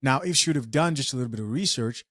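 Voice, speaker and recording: A man's voice: medium pitch, lively intonation, quick pace, fairly bright tone, no room sound, studio quality. A man hosting a reaction show who talks viewers through clips in a conversational way. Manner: conversational, addresses viewers directly. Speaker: commentary host.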